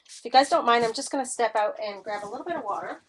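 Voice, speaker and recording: A woman's voice: a little high, fast, noisy background. A woman teaching a live-streamed mixed media art class, chatty and enthusiastic as she demonstrates. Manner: chatty and enthusiastic, gushing over colors.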